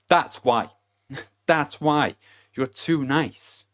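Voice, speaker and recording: A man's voice: medium pitch, lively intonation, slow pace. A man giving a casual motivational monologue to camera, blunt and profane, chuckling between his points. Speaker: vlogger.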